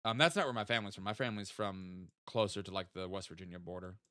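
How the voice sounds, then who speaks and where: Speaking fast in a low, pushed, bright voice with a clean tone, a young man chats through a geography guessing game stream. He thinks out loud and tosses in jokey asides, and the recording is dry and studio quality.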